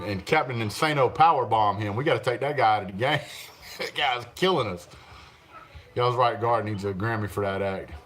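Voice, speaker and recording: A man's voice: mid-range voice, a bit bright. A man hosting a casual live stream, reading viewer comments aloud, laughing often and answering the chat. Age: adult, father of young children. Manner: chatty, laughs often, talks back to the chat.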